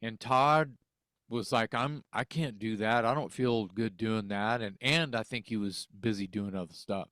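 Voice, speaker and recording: A Texas singer and music teacher, appearing as an interview guest, tells a story in casual conversation, acting out phone calls and swearing freely. His lowish voice is a little slow and a bit bright, with a clean tone and clean studio sound without room echo.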